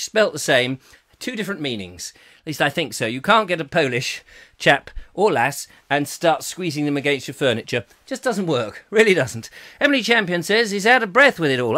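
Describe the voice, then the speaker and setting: A middle-aged man hosts a silly live chat show, rambling through viewer comments with jokes and frequent laughs. His voice sits high and bright, with lively swoops up and down. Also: moderate pace. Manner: jokey, rambling, laughing a lot. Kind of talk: comic live-stream chat reading comments.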